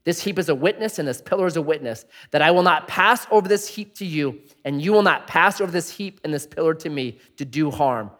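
Male pastor, animated sermon delivery, bright-ish voice, big hall reverb. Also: on the high side, brisk, hardly any pauses. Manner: animated preaching, swings from loud to hushed.

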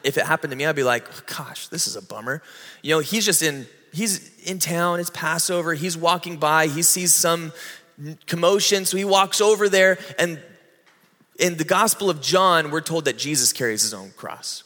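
A man preaching a sermon with a bright, forceful tone set a little high. He talks conversationally, slowing and rising to drive points home. His voice rings out with a long hall reverb around it. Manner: conversational preaching, slows and rises for emphasis. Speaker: pastor.

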